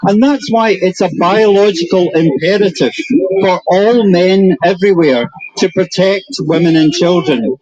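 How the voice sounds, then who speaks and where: A Scottish man giving an animated, emphatic speech at an outdoor rally. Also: high voice, a little slow, highs cut off, crowd noise. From Scotland. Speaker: rally speaker.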